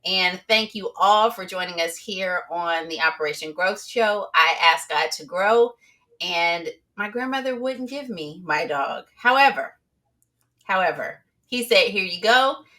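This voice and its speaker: Woman, talk show host, upbeat, laughs easily, bright tense tone, lowish pitch. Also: a little slow. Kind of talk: casual interview chat.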